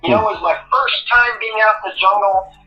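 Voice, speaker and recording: A man in his fifties, a retired Navy corpsman and podcast guest, telling an animated, profane story and laughing at himself. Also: high-pitched, fast talker, echoey room, distant mic, lo-fi sound, faint music behind. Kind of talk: casual interview storytelling.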